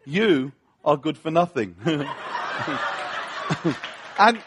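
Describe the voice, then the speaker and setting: A British man preaching a humorous sermon, telling a story with self-mocking asides in an animated way. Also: high-pitched, normal speed, breathy edge. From Britain.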